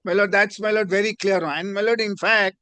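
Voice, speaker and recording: A man's voice: sits high, fairly even intonation, fairly quick, pushed and bright, clean tone, no echo. A man arguing before a judge in a courtroom, deferential and formal, inserting "my lord" into nearly every phrase. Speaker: advocate.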